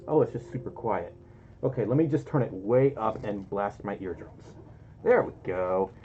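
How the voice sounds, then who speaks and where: A man's voice: lowish voice, animated, measured pace, long pauses, slight background noise. A man hosting a casual livestream, chatty and giggly, reading out donations through a muffled mic. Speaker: livestream host. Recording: muffled lo-fi audio.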